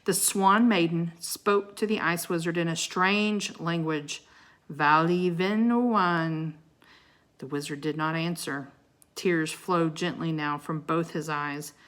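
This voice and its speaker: A woman reading a children's chapter book aloud, dramatic and expressive. Her voice sits on the lower side and she reads very slowly, letting each line land. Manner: dramatic, pausing to show pictures. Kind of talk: expressive read-aloud storytelling.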